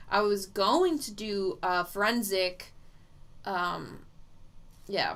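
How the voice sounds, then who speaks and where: A woman psychic medium talks through viewer comments in a loose, rambling livestream chat. Her voice is bright and forward, and she takes her time, drawing out her words at an unhurried pace. She breaks into laughter often between thoughts. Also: medium pitch. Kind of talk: casual chat, reading viewer comments aloud.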